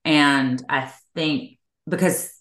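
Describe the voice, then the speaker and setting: Low-voiced, slow, musing woman. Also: fairly even intonation, a bit bright, roomy sound. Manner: musing, rambling with many restarts. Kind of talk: casual conversational chat, sometimes reading aloud.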